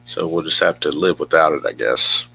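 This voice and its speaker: A man's voice: extremely low pitch, moderate pace, gravelly, sharp tone, slight background noise. A man narrating his own tabletop baseball game play by play, chatty and thinking aloud with asides.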